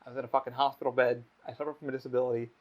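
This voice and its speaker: A man hosting a casual podcast, telling stories in a blunt, animated way with a lot of swearing. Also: medium pitch, rapid-fire. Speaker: podcast host. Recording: slightly dull lo-fi audio.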